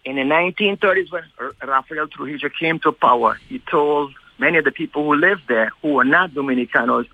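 A male radio guest recounting local history, speaking deliberately slowly with many ums and uhs. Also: a little high. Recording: tinny phone line.

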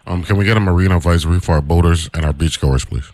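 A man hosts a morning radio show, loose and chatty in his phrasing. His voice sits extremely low. The sound is dry and close, with no room in it. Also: fast, a little mellow, no room sound.

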